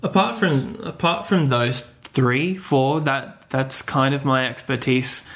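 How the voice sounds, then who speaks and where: A man's voice: medium pitch, slow pace, fairly bright tone. A man hosting a podcast, chatting playfully and laughing often. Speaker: podcast host. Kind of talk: casual chat.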